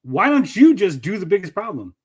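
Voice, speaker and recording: High, lively-voiced argumentative male caller. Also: a little fast, breathy edge. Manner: argumentative, persistent, pitches ideas. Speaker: call-in guest. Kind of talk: casual podcast chat.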